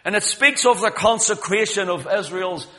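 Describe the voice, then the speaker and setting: Male preacher, high bright voice, emphatic storyteller, long hall reverb. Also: normal speed. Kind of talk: sermon.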